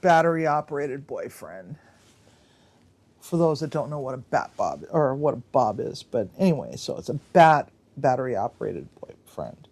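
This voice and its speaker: A woman's voice: rumbling low, sing-song, moderate pace, gravelly, few pauses, warm tone, breathy edge. A woman hosting a casual livestream card game, reading out players' answers with chatty asides and frequent laughter. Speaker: livestream host.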